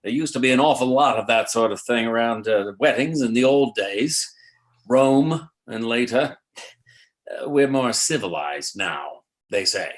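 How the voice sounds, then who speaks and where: A man's voice: mid-range voice, expressive, unhurried, natural voice. Brief: man as a dry, wry stage narrator, mid-range voice. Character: wry narrator of a small-town play. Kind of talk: staged play reading.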